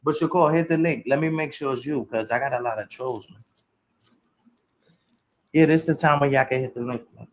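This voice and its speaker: Animated man hosting a casual livestream. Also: mid-range voice, a little fast, pauses often, rough recording. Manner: animated, talks to chat, lots of slang. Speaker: livestream host.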